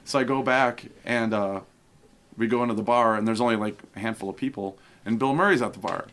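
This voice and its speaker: A man speaks quickly in a somewhat low voice, a podcast guest telling casual stories. He acts out the people he quotes as he goes. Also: fairly bright tone. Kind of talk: casual storytelling.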